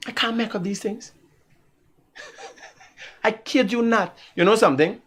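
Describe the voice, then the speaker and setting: Slow and husky, with a voice that sits high, a Guyanese-accented man hosts a live talk show. His storytelling is casual and animated, punctuated by frequent laughter.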